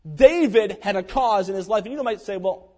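Brief: male preacher, high voice, dramatic storyteller, big echoing hall. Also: lively intonation, normal speed. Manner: dramatic storytelling, swinging between loud and hushed. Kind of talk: sermon. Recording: long hall reverb.

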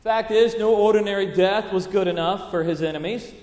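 A man's voice: sits high, brisk, a little mellow. A man in his thirties preaching a sermon, earnest and mixing in family stories. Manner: earnest preaching with storytelling asides. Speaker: pastor. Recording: echoey hall reverb.

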